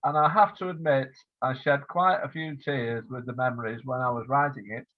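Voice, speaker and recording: A man's voice: mid-range voice, fairly even intonation, a little fast. An older man from England recalls old times at an easy, rambling pace, full of ums and small restarts. His voice sits in a middle register. The sound comes through thin and phone-like, as if over a video call. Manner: warm storytelling with fillers, acts out quoted voices. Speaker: author interviewed about his biography. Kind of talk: relaxed reminiscing interview. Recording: phone-like lo-fi line.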